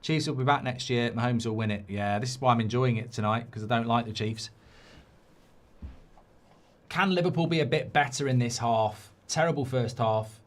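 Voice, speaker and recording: A man's voice: medium pitch, normal speed. A man hosting a live football watchalong, chatting loosely, reading out viewer questions and swearing when frustrated. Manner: excitable, sweary, reads viewer questions aloud. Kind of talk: live match watchalong chat.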